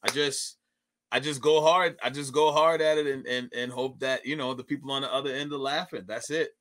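A man's voice: medium pitch, brisk. A young male stand-up comedian chatting loosely as an interview guest, often restarting his sentences. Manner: animated, loose, repeats words when starting sentences. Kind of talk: casual interview chat.

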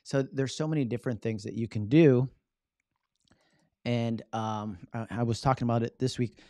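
A man giving a casual live-streamed talk on public speaking, lively and acting out his examples. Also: mid-range voice, moderate pace, no room sound, clean studio sound. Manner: animated, acts out examples with his body; casual, loose phrasing with "right?" tags.

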